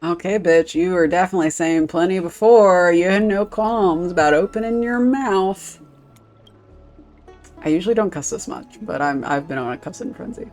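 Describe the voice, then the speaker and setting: A woman's voice: fairly low pitch, moderate pace, a little mellow, soft background music. A woman streaming a game, chatting casually, rambling with lots of fillers and swearing freely.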